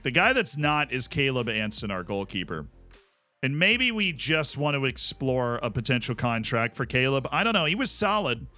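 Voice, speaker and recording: Streaming a sports management game, a man from Tampa, Florida talks wryly and chattily to his viewers in casual game commentary. His medium-pitched voice sounds pushed and bright.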